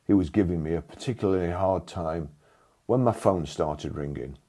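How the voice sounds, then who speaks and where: An older man from England telling a first-person story in a dry, blunt, sardonic manner, with a husky voice. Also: low-pitched, normal speed, mellow.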